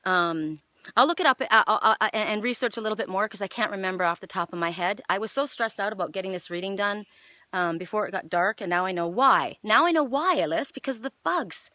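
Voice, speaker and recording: A middle-aged woman giving a casual spiritual card reading outdoors, chatty and excitable, with lots of fillers. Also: mid-range voice, fast talker, no echo. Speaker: oracle card reader. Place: outdoors in the evening.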